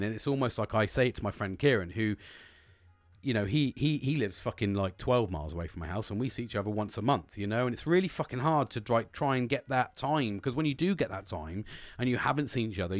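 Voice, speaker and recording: A man's voice: medium pitch, no room sound. A man in his forties talking candidly and at length, sweary and rambling as he opens up. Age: 40s. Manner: sweary, rambling, emotional openness. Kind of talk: candid casual monologue.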